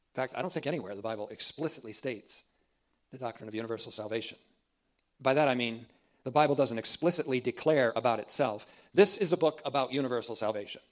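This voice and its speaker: A man teaching a theological sermon, deliberate and emphatic, repeating key phrases for emphasis. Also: medium pitch. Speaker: preacher.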